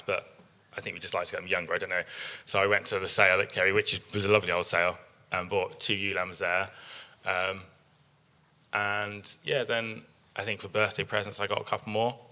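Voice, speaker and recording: In a slide presentation at a workshop, a sheep breeder in his thirties talks chattily, telling stories and saying um a lot. His voice is fairly low with a sharp tone.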